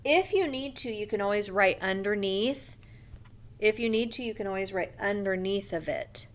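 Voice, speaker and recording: A woman teaching a first grade grammar lesson in a slow, patient voice, and now and then she whispers a quick aside to herself. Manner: slow, patient teacher voice, sometimes lifts her pitch to show an excited sentence. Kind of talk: recorded online grammar lesson.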